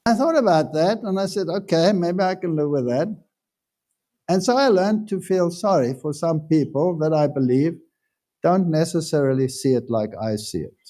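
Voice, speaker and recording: A pastor giving a sermon in a casual, conversational way, telling stories with self-deprecating humor. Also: male voice, fairly high pitch, lively intonation, normal speed, warm tone. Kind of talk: anecdotal sermon talk.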